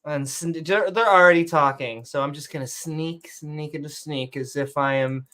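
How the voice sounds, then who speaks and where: A woman hosting a live online call show, reading shout-outs to supporters and dropping sarcastic jokes in a sing-song voice. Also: low-pitched, moderate pace. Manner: joking, sarcastic asides, sing-song bursts. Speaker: show host.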